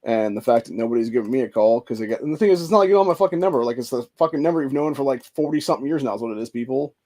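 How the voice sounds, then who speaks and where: A man's voice: mid-range voice, animated, very fast, mellow. A man in his forties venting in a rambling, profane monologue, emotional and stressed out. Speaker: vlogger.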